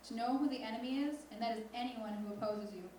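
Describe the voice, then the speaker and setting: A teenage girl reading her own spoken word poem slowly and intensely as a student poet on stage. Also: a little high, dark tone, slight background noise. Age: teens. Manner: slow, deliberate, intense recitation. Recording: echoey hall from far off.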